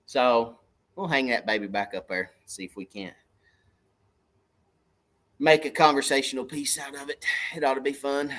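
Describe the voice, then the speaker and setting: A man's voice: medium pitch, moderate pace, long pauses. Folksy man hosting a livestream. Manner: folksy, rambling, shouts out viewers by name. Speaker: fishing channel livestream host. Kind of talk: casual livestream chat.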